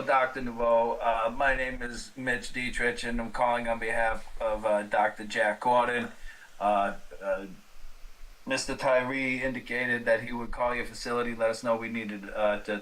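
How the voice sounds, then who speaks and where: A man's voice: medium pitch, steady tone, normal speed, a bit bright, voice pushed down, close to an everyday voice, poor audio. A man playing an earnest, stammering investigator. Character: earnest male paranormal investigator on the phone. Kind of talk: horror tabletop role-play.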